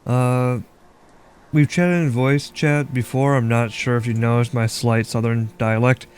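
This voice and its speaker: A man's voice: mid-range voice, fairly even intonation, measured pace, clean tone. A young man from Minnesota chatting casually while playing a game, rambling and filling his talk with "like". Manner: rambling, heavy use of "like". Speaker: gaming streamer. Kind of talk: casual chat while gaming.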